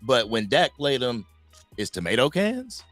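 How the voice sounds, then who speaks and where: A man's voice: medium pitch, big pitch swings, a little slow, a bit bright, no echo, soft background music. A man co-hosting casual sports talk, arguing his case in a punchy way. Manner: argumentative, punchy. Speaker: sports podcast co-host.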